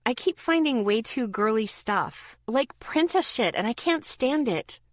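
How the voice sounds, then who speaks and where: A woman's voice: medium pitch, very animated, moderate pace, fairly bright tone, dry recording, studio quality. A woman reading aloud as a sassy, wry teenage girl who teases and grumbles. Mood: teasing. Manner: teasing, grumbling.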